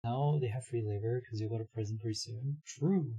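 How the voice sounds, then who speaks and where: A hoarse young man streaming live, chatting casually, reading his chat aloud and laughing often. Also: medium pitch, fairly quick, warm tone.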